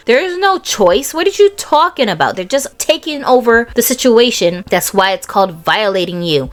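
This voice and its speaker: A woman's voice: a little high, expressive, moderate pace, few pauses. A woman from the United States giving reaction commentary in an online vlog, talking casually with exclaiming, indignant asides.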